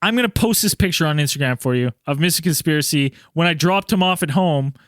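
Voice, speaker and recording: A man hosting a casual podcast, telling a story in an animated way with lots of swearing. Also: on the high side, fast, no room sound, studio quality. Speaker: podcast host.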